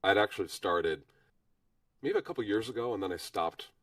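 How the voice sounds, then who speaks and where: A man with a husky voice, hoarse from a cold, chatting modestly as a guest on a livestream and pausing often with fillers. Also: lowish voice, fairly bright tone, no room sound, far from the mic. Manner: modest, halting with frequent fillers. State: hoarse from illness. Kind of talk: casual chat.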